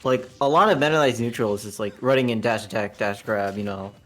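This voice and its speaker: A man giving casual color commentary on a fighting-game match, explaining plays in a relaxed way and laughing easily. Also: on the low side, brisk, soft background music. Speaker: esports co-commentator.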